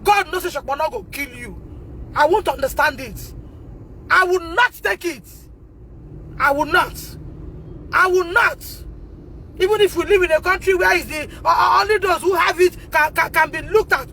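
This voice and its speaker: A Nigerian mother records herself on her phone in a car, her voice very high and sharp. She pleads, repeats her words and rises to shouts in distress. A faint hum of traffic sits behind her. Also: normal speed, pauses often. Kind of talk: emotional self-recorded video.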